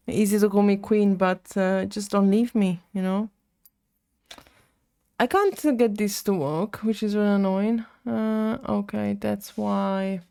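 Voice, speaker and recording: Woman streamer mumbling real slow at her computer, dry close sound. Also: medium pitch, fairly even intonation, creaky, warm tone, clear, resonant tone, no echo. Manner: muttering to herself, then chatty with chat. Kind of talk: casual live-stream chat while coding.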